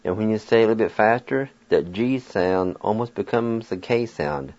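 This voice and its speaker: A man's voice: on the low side, normal speed, a little mellow, lo-fi sound. A man hosting a radio language lesson who spells words out letter by letter and encourages his listeners. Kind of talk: slow, patient pronunciation lesson.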